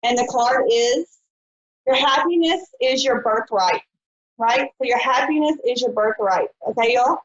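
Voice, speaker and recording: Chatty woman psychic, high voice. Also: unhurried. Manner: chatty, folksy, says honey and y'all. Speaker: psychic show host. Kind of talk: live-stream call-in show. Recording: dull lo-fi live stream.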